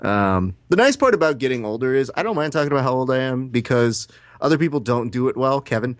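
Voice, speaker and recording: Telling stories in a relaxed chat, this man in his thirties, a podcast co-host, acts out what people said and throws in the occasional swear. He's a fast talker with a medium-pitched voice, recorded dry.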